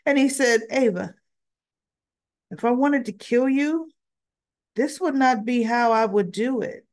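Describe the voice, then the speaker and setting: Slow, chatty woman recapping a soap. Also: on the high side, a little mellow. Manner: chatty, retells scenes with quoted dialogue. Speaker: soap opera reviewer. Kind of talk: casual recap.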